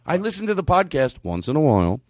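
Fields: Sex: man. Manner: lively, joking comedy host. Sound: dry studio. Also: a little high, fast talker, no room sound. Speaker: podcast host. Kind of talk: casual comedy podcast chat.

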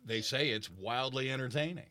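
A man co-hosting a podcast, chiming in quickly during casual chat. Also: medium pitch, dry recording. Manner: lively, quick interjections. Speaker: podcast co-host. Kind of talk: casual talk show chat.

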